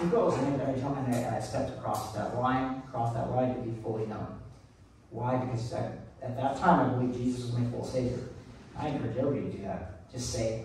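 Earnest pastor preaching in an echoey room. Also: male voice, medium pitch, fairly even intonation, fairly quick, darkish tone, slight background noise. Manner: conversational, earnest, with many restarts. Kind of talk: sermon. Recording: echoey room, mic at a distance.

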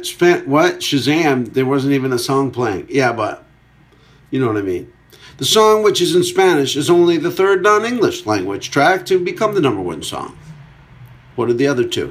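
A man hosting a solo comedy podcast and counting down a chart. His voice sits at an ordinary middle pitch for a man. He rambles, cracks jokes and argues with himself between songs. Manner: rambling, jokey, talks back to himself. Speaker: podcast host.

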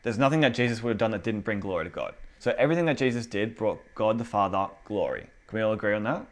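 A young man preaching a casual, conversational sermon with an animated delivery and lots of fillers. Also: fairly low pitch, fast talker.

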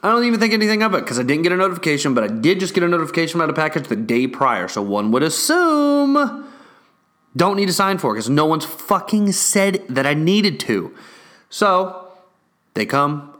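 A man's voice: high-pitched, a little fast. A young man ranting casually about games and a delivery mix-up, swearing constantly and getting worked up as he rambles. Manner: profane, excitable, restless storytelling.

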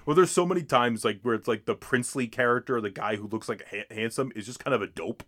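A man's voice: medium pitch, fast talker, a bit bright, dry recording, clean studio sound. A man co-hosting a podcast, chatting casually about old films with many fillers and restarts. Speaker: podcast co-host. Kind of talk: casual film discussion.

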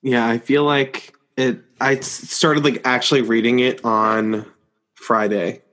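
A man co-hosting a podcast in relaxed, casual conversation. He rambles and leans on "like" over and over as he talks. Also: mid-range voice, a little slow. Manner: rambling, heavy on "like" fillers. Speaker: podcast co-host. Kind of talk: casual chat.

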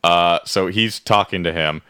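A young man casually recapping a show for his friends, rambling and profane, slipping into quick character voices. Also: low-pitched, bright, forceful tone, clear, resonant tone. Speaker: podcast co-host recapping a show. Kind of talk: casual chat.

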